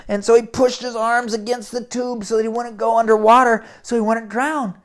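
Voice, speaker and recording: Male children's storyteller, dramatic and animated, addresses young listeners. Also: extremely high pitch, normal speed, hardly any pauses.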